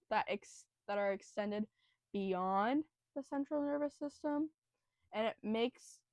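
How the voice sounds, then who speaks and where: A young woman with a medium-pitched voice hosts a casual educational podcast, explaining biology as a student. She sounds nervous and breathes heavily, rambling through the material with lots of fillers and self-deprecating asides. The recording has no echo.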